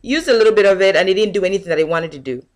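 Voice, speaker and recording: A young woman vlogger telling a casual, animated rant to her camera and acting out what people said. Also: mid-range voice, racing. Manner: animated storytelling, acting out quotes.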